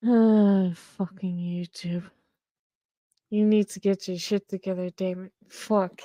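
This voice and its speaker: A woman's voice: medium pitch, level tone, slow, dark tone, no room sound. A woman hosting a casual stream chat, swearing constantly and laughing often. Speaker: host.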